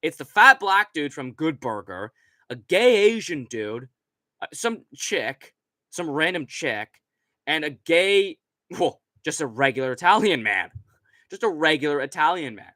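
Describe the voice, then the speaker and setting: Speaking a little slowly, the young man has a fairly high, bright and forceful voice with big pitch swings and no echo. He's hosting a casual late-night stream from his computer, rambling, profane and full of fillers, with a desk mic right before him.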